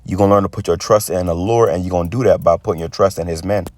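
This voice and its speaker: A man giving a casual preaching monologue, rambling and stammering as he repeats words, and reading scripture slowly and deliberately. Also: deep voice, steady tone, darkish tone, dry recording. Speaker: street preacher.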